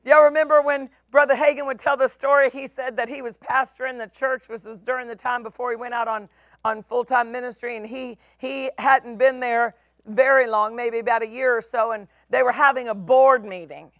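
A middle-aged woman pastor preaching a sermon, with emphatic, drawn-out phrases and voices for the people in her stories. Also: fairly high pitch, fairly even intonation, fairly bright tone, dry recording.

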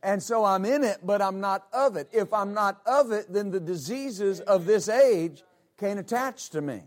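A man's voice: high voice, expressive, moderate pace. A male pastor preaching a sermon, emphatic and repetitive, often calling out amen. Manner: emphatic, repeats words, calls out amen.

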